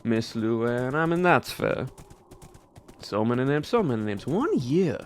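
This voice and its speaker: A man's voice: mid-range voice, big pitch swings, unhurried, a little hiss or hum. A young man streaming as a cowboy in a put-on Southern US drawl, chatting casually in character with a folksy, rambling manner. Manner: laid-back folksy drawl, rambling asides. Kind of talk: casual in-character roleplay chat.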